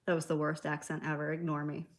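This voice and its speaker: Chatty woman hosting a live nail tutorial. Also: low voice. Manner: chatty, reads viewer comments, laughs easily. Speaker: nail art livestream host. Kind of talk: casual live tutorial chat.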